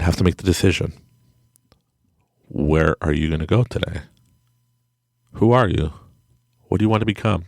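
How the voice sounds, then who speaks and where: A middle-aged man hosts a podcast from home late at night, in a low, gravelly voice. He rambles through a motivational talk, laughing at himself often, with pitch that swings widely. The recording is dry and close. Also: no room sound. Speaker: podcast host. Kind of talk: casual motivational monologue.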